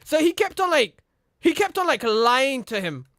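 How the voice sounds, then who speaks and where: A man's voice: very high-pitched, very animated, moderate pace, fairly bright tone, dry recording, studio quality. A young man casually telling a rambling story, repeating "you know what I mean" and acting out the people in it. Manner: acts out the other people in his story. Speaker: streamer.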